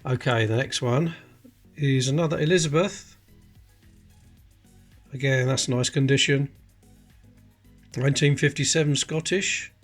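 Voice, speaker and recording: A chatty man talks through a pile of coins one by one, explaining small details as he goes. His pitch sits in an ordinary middle range for a man, and his delivery is relaxed and conversational, like a hobby host at his desk. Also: a little slow, pauses often, faint music behind. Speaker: coin collecting channel host. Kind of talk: casual coin-sorting commentary.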